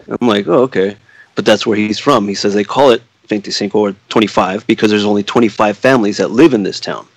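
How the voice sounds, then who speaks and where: A man's voice: lowish voice, fast, dry recording, poor audio. A man on a podcast casually telling a spooky story, swearing freely and acting out the quoted dialogue.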